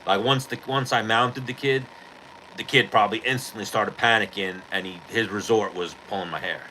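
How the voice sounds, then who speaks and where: A man's voice: on the low side, moderate pace, pushed and bright, a little hiss or hum, poor audio. A man hosting a podcast, telling a street-fight story in casual, profane chat and acting out the quotes. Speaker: podcast host.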